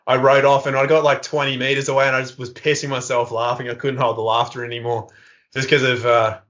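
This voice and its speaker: A man's voice: medium pitch, quick pace. Aussie man in his thirties, podcast guest, spins yarns and acts out the voices, muffled lo-fi sound. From Australia. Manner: animated, acts out quoted voices. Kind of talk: casual storytelling interview. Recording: dull lo-fi podcast audio.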